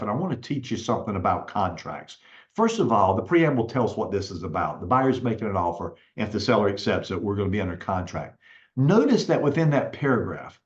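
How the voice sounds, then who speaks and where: A man teaching real estate students, patiently explaining a contract and checking in with "okay?" as he goes. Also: medium pitch. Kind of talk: recorded lecture walking through a contract. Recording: roomy, slightly dull recording.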